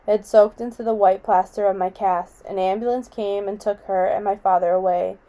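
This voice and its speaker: A woman reading a novel aloud in a quiet, measured way. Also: medium pitch, steady tone, rough recording. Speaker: audiobook reader.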